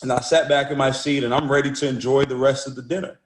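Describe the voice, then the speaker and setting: A man's voice: medium pitch, flat delivery, quick pace. A man giving a motivational talk and telling a story, speaking energetically and often repeating words as he restarts phrases. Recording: roomy echo.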